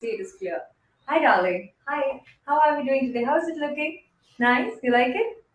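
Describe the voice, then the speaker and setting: A fairly high-voiced woman, chatting warmly with viewers on a live stream. She greets people by name, blows kisses and slides between English and Hindi. Her pep talks to viewers are soft and encouraging. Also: animated, moderate pace, rough recording.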